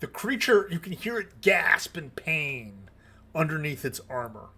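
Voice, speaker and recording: A man narrating combat as game master of a tabletop game, in a deliberate, measured way. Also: a little high, very animated, bright, forceful tone, slightly rough.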